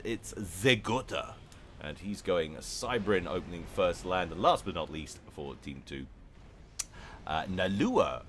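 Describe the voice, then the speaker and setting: A man's voice: sits low, a bit bright, slight background noise. A man giving jokey, chatty commentary on a strategy game replay, with self-mocking asides. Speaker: game caster.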